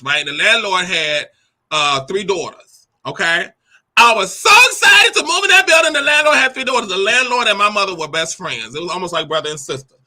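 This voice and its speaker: A woman in her forties, hosting her own show, tells a personal story in a sassy, animated way. She laughs often, acts out the quoted lines and calls the listener "honey" and "baby". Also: mid-range voice. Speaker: host. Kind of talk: candid personal storytelling monologue.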